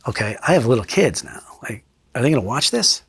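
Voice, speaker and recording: Middle-aged man, retired trooper, husky voice, fry, blunt, profane, reflective interview talk. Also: medium pitch, sing-song, brisk, a bit bright. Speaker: retired state trooper and crime scene investigator. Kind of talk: candid sit-down interview storytelling.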